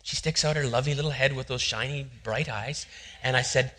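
Animated, bright-voiced male pastor. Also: medium pitch, normal speed. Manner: animated, acts out quotes in hushed voices. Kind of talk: sermon with personal storytelling.

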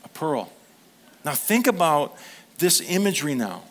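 Male pastor, sermon delivery, earnest and animated, slips into playful quoted voices. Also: a little high, unhurried. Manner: earnest, gets emotional.

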